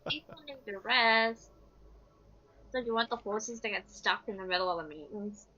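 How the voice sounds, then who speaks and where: A woman's voice: mid-range voice, moderate pace, sharp tone. A woman playing a tabletop role-playing game, answering in blunt, matter-of-fact quips. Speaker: player. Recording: dull lo-fi stream audio.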